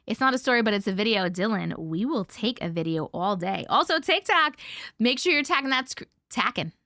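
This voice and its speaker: This livestream host has an expressive, medium-pitched voice, a sharp tone, and a brisk pace. Her audio is clean studio sound without echo, and she chats in a bubbly way, reading comments and greeting viewers by name.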